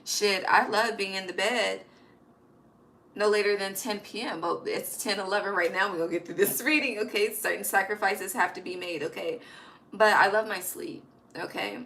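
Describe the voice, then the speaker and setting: A woman's voice: mid-range voice, steady tone, moderate pace, creaky, sharp tone, a little hiss or hum, poor audio. A woman giving a casual, emphatic tarot reading, swearing freely and dropping slangy asides. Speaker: tarot reader. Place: home at night.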